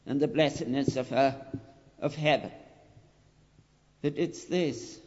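A man preaching a sermon, earnest and deliberate, repeating his phrases and rising to emphatic pleading. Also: a little high. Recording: dull lo-fi recording with long hall reverb.

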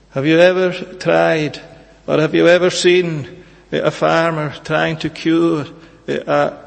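Male preacher, earnest sermon, gravelly voice, slightly high pitch, reverberant church hall. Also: darkish tone. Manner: earnest, measured pleading with frequent "eh" pauses.

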